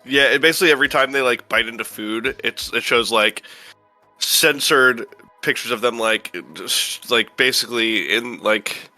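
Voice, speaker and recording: A man's voice: medium pitch, normal speed, pushed and bright, faint music behind, low-quality recording. A man co-hosting a casual podcast, easygoing and laughing along. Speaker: podcast co-host.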